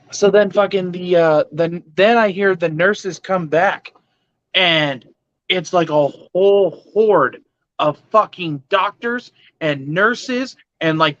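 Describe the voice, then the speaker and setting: Man, fairly high voice, rambling profane comic storyteller acting out others' lines, dry lo-fi recording. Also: bright, forceful tone, no room sound. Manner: rambling, swearing, with many fillers; acts out the other people's lines. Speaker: storyteller at an open mic.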